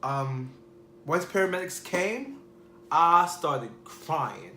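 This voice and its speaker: A man's voice: a little high, lively intonation, slow pace, pushed and bright, slight background noise. A man vlogger telling a personal story in a casual, rambling way full of fillers. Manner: rambling, filler-heavy, restarts. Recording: echoey room.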